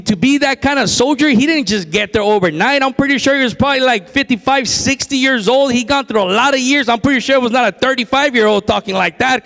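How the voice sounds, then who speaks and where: High-voiced excitable preacher in a hall. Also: male voice. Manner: excited and conversational, repeats phrases. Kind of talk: sermon. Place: church sanctuary.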